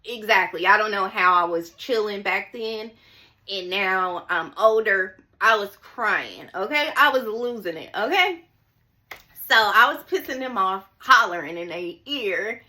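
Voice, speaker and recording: This storytime vlogger is a young woman with a mid-range, bright, forceful voice and an unhurried delivery. She tells her viewers a personal story in a chatty, dramatic style, repeating phrases often and addressing them as y'all.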